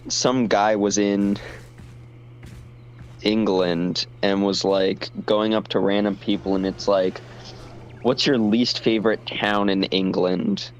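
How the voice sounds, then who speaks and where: A man's voice: fairly low pitch, rough recording. A man chatting casually on a stream while playing a game, distracted and apologetic. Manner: slow, distracted, self-deprecating chatter. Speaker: stream co-host.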